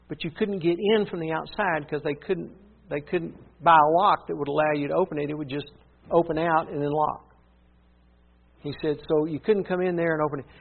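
Over a tinny, phone-like recording, a man preaches a storytelling sermon, earnestly retelling a story and repeating "he said" along the way. His voice is on the high side, creaky and husky.

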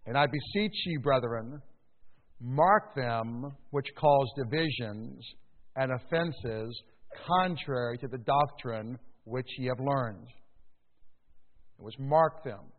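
Man preaching in a tinny echoey hall. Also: mid-range voice. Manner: emphatic preaching with sudden loud rises and slow stressed words. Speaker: pastor. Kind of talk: sermon. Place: church sanctuary.

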